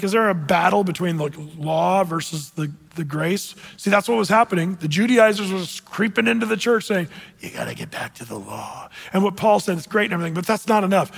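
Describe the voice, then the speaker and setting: A man's voice: high voice, long reverb tail. A man preaching a sermon in a conversational way, with fillers and restarts, who reads scripture aloud. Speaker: pastor.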